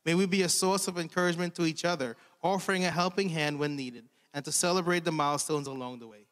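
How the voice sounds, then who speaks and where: A man's voice: a little high, quick pace. Man praying in a reverberant hall. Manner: steady, earnest prayer cadence. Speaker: church leader leading prayer. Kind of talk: spoken prayer.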